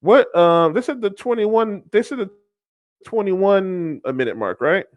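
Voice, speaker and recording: Guy doing blunt reaction talk, laughs a lot, voice pitched high. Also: expressive, a little slow, highs cut off. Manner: blunt, mocking, laughs often. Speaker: podcast host. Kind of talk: reaction commentary.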